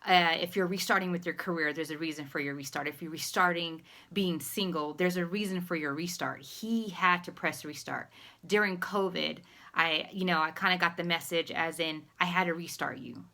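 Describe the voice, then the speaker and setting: A woman's voice: on the low side, normal speed, pushed and bright. A woman life recovery coach talking casually to her viewers, with many fillers and restarts, encouraging them. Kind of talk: casual spoken vlog.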